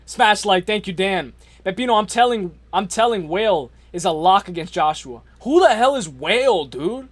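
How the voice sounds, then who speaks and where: A man hosting a casual livestream, talking in loose slang, rambling and shouting out viewers from chat. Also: high voice, no room sound. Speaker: livestream host.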